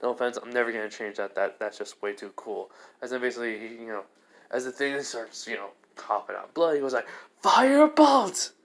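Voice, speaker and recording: A man casually narrating a fan-made story off the cuff. He rambles, circling back with fillers and restarts. His pitch stays in a middle range. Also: fairly even intonation, fast, fairly bright tone.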